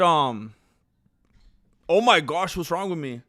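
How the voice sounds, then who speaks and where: A man's voice: on the high side, expressive, slow, pauses often, noisy background. A man hosting his channel, chatting casually and rambling with lots of fillers and restarts, hiccuping and burping as he talks. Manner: rambling, self-deprecating, many fillers and restarts. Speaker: channel host. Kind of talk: casual livestream chat.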